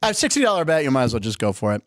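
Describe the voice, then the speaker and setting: A man's voice: mid-range voice, rapid-fire, no echo, studio quality. A middle-aged man hosting a sports show, telling stories in a chatty, joking way. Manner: chatty, jokey, animated storytelling. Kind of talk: casual sports talk.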